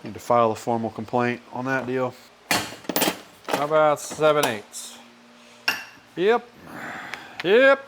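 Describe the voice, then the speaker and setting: A man's voice: medium pitch, normal speed, long pauses, noisy background. A man hosting a DIY truck build, talking casually and wryly while he works on the vehicle, swearing now and then as he goes. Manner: wry, rambling, swears casually while working. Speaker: DIY mechanic channel host. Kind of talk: casual garage work commentary. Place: home garage or shop.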